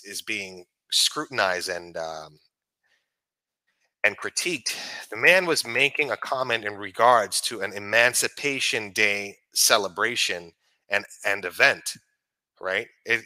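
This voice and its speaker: This is a man venting on a vlog, in a low voice with a hard, sharp edge. He swears freely and stumbles into restarts as he hammers his points home. The sound is dry and close, with no room around it. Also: no room sound, low-quality recording. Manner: profane, heated and repetitive, with frequent restarts. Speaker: vlogger. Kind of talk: ranting commentary.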